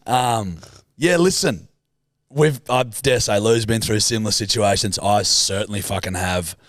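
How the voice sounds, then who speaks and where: A man's voice: on the low side, unhurried, a bit bright, no room sound, clean studio sound. A man co-hosting a podcast in casual, laughing, sweary banter. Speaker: podcast co-host. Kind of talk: casual chat.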